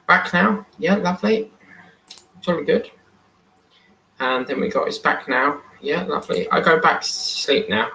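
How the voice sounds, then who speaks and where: A man's voice: a little high, lively intonation, a little slow, gravelly, long pauses, sharp tone. A man hosting a live stream in casual chat, reading and answering viewer comments aloud. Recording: echoey room.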